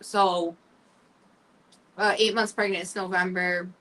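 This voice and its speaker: A young woman hosting a talk show, telling her own story candidly and emotionally, halting often with fillers. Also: lowish voice, level tone, fairly bright tone, far from the mic, poor audio. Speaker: podcast host. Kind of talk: personal storytelling.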